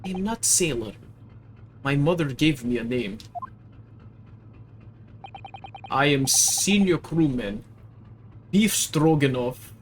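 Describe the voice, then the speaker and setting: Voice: medium pitch, animated, close to an everyday voice. A streamer voicing a rude, burly male ship crewman with a mock Russian accent in a video game reading, using clipped broken English. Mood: gruff. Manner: gruff, clipped broken English, slow and loud.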